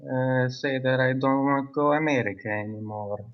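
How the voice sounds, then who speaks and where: A man playing a caller who pleads for help to leave his poor country, speaking halting broken English. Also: medium pitch, lightly acted. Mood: pleading. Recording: dull lo-fi call audio.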